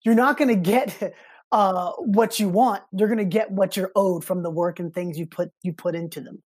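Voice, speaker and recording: A man telling a personal story as a podcast guest, animated and expressive, slipping into other people's voices as he recounts them. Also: high voice, moderate pace, slightly rough. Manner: animated, acts out quoted voices in his stories. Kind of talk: casual storytelling interview.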